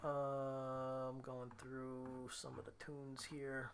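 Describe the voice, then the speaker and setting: This man runs a weekly live guitar stream, reading out viewer comments, joking about himself and laughing a lot in a chatty way. He speaks very slowly in a monotone, mid-range voice, with a little hiss or hum in the recording.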